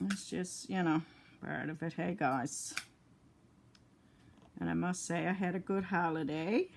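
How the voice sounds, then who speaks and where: An older woman talks her viewers through a craft project at home. She speaks slowly and a little low, sounding tired between yawns. Her talk is chatty and rambling, and she is picked up by a phone camera. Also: creaky, slight background noise. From Newfoundland, Canada. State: tired, yawning. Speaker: crafting vlogger. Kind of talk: casual chat while crafting.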